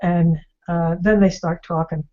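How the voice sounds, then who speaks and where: A woman's voice: lowish voice, level tone, unhurried. Woman host, chatty storyteller, ums and restarts throughout, slightly dull video-call sound. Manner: rambling, with many fillers and restarts. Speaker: discussion host. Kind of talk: casual storytelling retelling.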